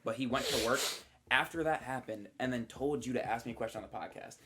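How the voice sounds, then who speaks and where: Young male podcast co-host, rapid slangy chat, swears freely, mid-pitched. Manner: swearing, slangy, animated storytelling. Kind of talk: casual chat.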